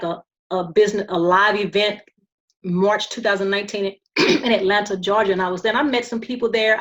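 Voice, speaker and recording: Woman telling her story, halting restarts. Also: medium pitch, lo-fi sound. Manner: halting, frequent restarts and fillers. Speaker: podcast guest. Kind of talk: personal storytelling.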